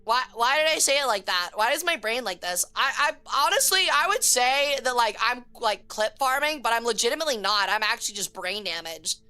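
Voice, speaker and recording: A woman's voice: fairly high pitch, pushed and bright, clear, resonant tone. A woman streamer chatting casually with her viewers, joking crudely and rambling in a chaotic way. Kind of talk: casual live-stream chat.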